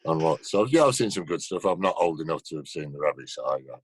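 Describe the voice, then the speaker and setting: A man's voice: extremely low pitch, big pitch swings, quick pace, slightly rough, dry recording. A man telling stories in a casual interview over a video call, laughing often. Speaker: actor guest.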